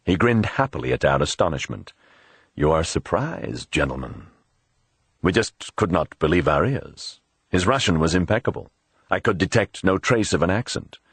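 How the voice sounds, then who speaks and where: Male audiobook narrator, deep husky voice, animated intonation, dry close recording. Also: normal speed, no room sound. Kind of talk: scripted narration.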